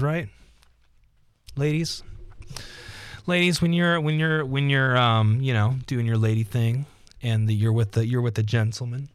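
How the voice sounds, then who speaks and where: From home, a young man hosts a solo casual podcast monologue into a desk microphone, rambling, joking, and losing his thread in a self-mocking way. His medium-pitched voice is a little mellow, and the recording is dry.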